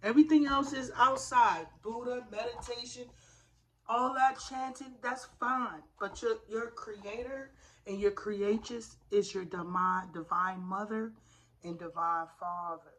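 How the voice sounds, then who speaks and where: A woman's voice: a little high, fairly even intonation, a little slow. A woman giving a spiritual tarot reading in a fervent, preacher-like way, calling her listeners y'all. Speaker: tarot reader.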